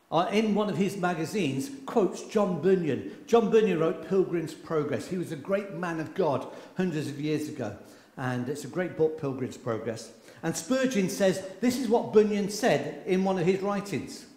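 A man's voice: fairly high pitch, expressive, moderate pace. Impassioned preacher, man, echoey hall. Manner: impassioned, swings between loud and hushed. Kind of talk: sermon. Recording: echoey hall with long reverb.

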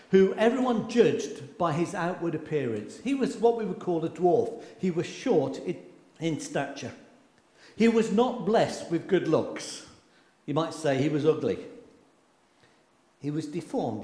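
A man preaching a sermon with passion, swinging from loud outbursts to hushed lines, recorded in a church. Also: on the high side. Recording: echoey hall with long reverb.

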